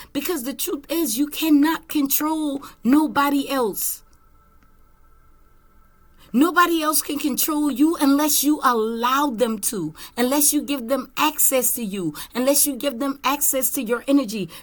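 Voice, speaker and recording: A woman giving a spiritual tarot reading, slow, emphatic and earnest. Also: sits high. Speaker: tarot reader.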